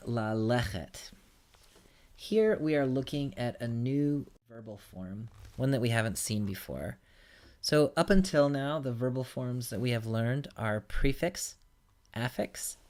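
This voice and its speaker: A man's voice: mid-range voice, a little mellow. A man teaching a recorded language lesson, patiently walking through examples one at a time. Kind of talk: recorded lecture.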